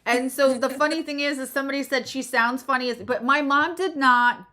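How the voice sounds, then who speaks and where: A woman's voice: high-pitched, fairly even intonation, fairly quick, bright, forceful tone. A middle-aged woman hosting a live stream, chatting casually, laughing often and reading comments aloud. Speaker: live-stream host and astrologer.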